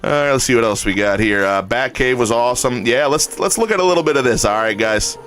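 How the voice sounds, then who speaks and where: A man's voice: mid-range voice, animated, fairly quick, fairly bright tone, soft background music. A man hosting a casual livestream, hyped and salesy, talking straight to his viewers. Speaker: livestream host.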